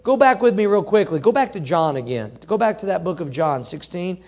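A man's voice: high-pitched, animated, a little fast, few pauses, darkish tone. A man preaching a sermon, quoting scripture and driving his points home with emphatic, rising repetition. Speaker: pastor.

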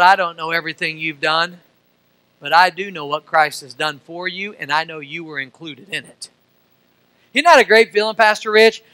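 A middle-aged man from Missouri preaching a sermon as pastor. He uses call-and-response questions and swings from soft to loud. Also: high voice, clean tone, no room sound, poor audio.

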